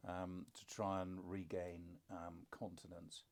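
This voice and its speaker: An older man speaks with a low, deep voice in a relaxed, casual conversation. He tells his stories in a reflective way and drops dry, self-deprecating jokes along the way. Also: slow pace. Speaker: podcast co-host, father.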